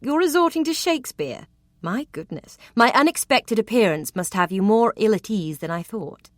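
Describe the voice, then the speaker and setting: A coquettish young lady of the Regency era teases with arch playfulness, as a woman reads her. The voice sits at a middling pitch and sounds dry and close, with no room around it. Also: lively intonation, normal speed, dry recording, lightly acted. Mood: teasing.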